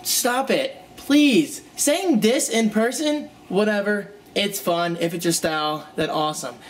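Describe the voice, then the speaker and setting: A man's voice: sits high, animated, unhurried. A young man chatting casually in a home vlog, joking around and talking to his dogs as he moves from room to room. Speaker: vlogger. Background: music playing from his phone.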